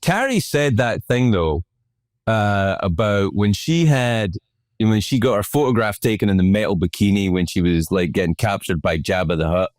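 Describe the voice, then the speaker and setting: A male podcast host in casual chat, animated, laughing easily and swearing casually. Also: lowish voice, normal speed, no room sound, clean studio sound.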